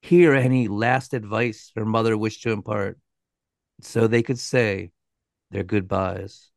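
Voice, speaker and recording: Male co-host narrator, low gravelly tone, unhurried, measured delivery. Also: fairly even intonation, dry recording. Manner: measured, dramatic, with a dry aside. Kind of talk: scripted storytelling narration.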